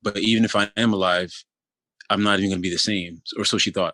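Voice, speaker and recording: Recorded dry and up close, this interview guest in his thirties recounts his own experience in a low voice with fairly even intonation and a bright, pushing quality. His delivery is loose and halting, constantly restarting and peppered with "you know."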